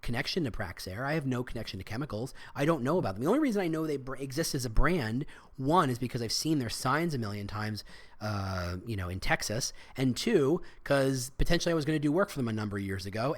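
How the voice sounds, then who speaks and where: A man hosting a solo podcast, talking casually with frequent restarts and asides. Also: medium pitch. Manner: rambling, self-interrupting, frequent restarts. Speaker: podcast host.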